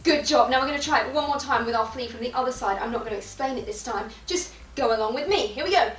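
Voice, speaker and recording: A young British woman with a fairly high voice leads a drama warm-up, upbeat and instructive. She sits back from the mic in an echoey room. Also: fast, distant mic, slight background noise. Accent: British English. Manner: upbeat, instructive, playful vocal sounds. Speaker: drama teacher. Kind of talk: guided warm-up lesson.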